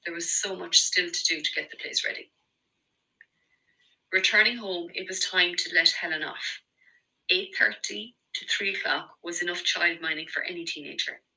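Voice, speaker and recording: A woman with an Irish accent narrating a romance novel in an even storytelling delivery. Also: on the low side, normal speed, vocal fry, poor audio. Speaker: audiobook narrator. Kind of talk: scripted narration.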